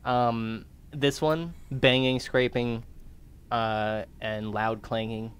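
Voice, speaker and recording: A man's voice: medium pitch, little pitch movement, takes it slowly, smooth. A young man playing a horror game on his channel, chatting casually, swearing and laughing as he reads in-game notes aloud. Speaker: gaming YouTuber. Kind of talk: let's play commentary.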